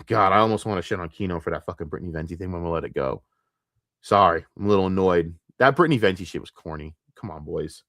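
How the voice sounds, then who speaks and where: A man's voice: fairly low pitch, fairly bright tone, no echo, studio quality. A man ranting profanely and with exasperation on his commentary stream.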